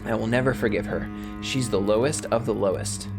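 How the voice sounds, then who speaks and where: A man's voice: on the low side, brisk, music in the background, lightly acted. A man voicing a vengeful young woman who threatens in a cold, gleeful tone in a game playthrough. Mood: accusing.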